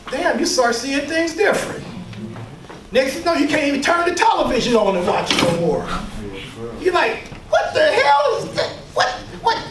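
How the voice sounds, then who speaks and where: High-voiced emphatic man lecturing. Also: noisy background. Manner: emphatic, preacher-like, with call-and-response and mocking asides. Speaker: workshop leader and speaker. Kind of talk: lecture to a live audience. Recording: echoey room, mic far off.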